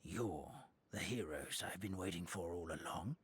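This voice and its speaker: A kindly, forgetful old paper grandpa. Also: male voice, deep voice, lively intonation, moderate pace, slight background noise. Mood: warm. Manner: gentle, chuckling, old-fashioned blessings. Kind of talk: game cutscene voice acting. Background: soft game music.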